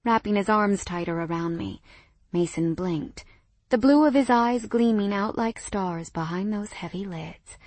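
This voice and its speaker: A young adult woman narrating a first-person romance audiobook in a soft, intimate voice that often drops to a whisper. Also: medium pitch, normal speed, no echo.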